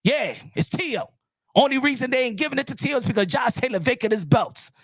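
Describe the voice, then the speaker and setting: Guy ranting loud on a boxing stream, high voice, dry close mic, keeps repeating himself. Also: animated, a little fast, no room sound. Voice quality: loud, heated, emphatic. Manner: repeats lines for emphasis, profane street slang. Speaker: boxing channel host. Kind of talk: live-stream boxing rant.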